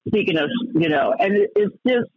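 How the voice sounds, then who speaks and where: A radio talk host, a man with a high, husky voice, rants heatedly and trips over his own restarts. The broadcast sounds dull and lo-fi. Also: expressive, moderate pace. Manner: heated and ranting, with many stammered restarts.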